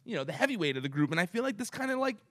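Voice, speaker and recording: A man's voice: high-pitched, very animated, racing, fairly bright tone. A man co-hosting a wrestling recap show, rambling and hunting for words with lots of fillers. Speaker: wrestling podcast co-host. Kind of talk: casual recap chat.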